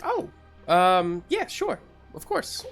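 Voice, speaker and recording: A man's voice: high-pitched, wildly swooping pitch, takes it slowly, vocal fry, a bit bright, faint music behind, pitched above the performer's own voice, full character voice. A man voicing a gossipy, tired woman nurse in her fifties, chatty and complaining in a tabletop role-play.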